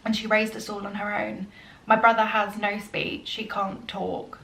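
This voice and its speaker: A woman's voice: medium pitch, flat delivery, normal speed, vocal fry. Chatty young woman vlogger, roomy echo. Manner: chatty, earnest, frequent ums, turns soft and emotional. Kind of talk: casual get-to-know-me Q&A.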